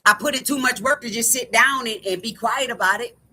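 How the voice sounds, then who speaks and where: A woman's voice: a little high, a little fast, bright, forceful tone, slightly rough. A woman delivering an angry, profane monologue to camera, repeating herself again and again.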